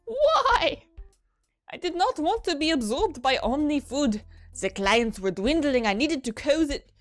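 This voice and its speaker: A woman's voice: high voice, sing-song, a little slow, soft background music, voice pushed up. A woman reading a grumpy old uncle's lines in an exaggerated fake French accent, sing-song and overdone. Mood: mock-French.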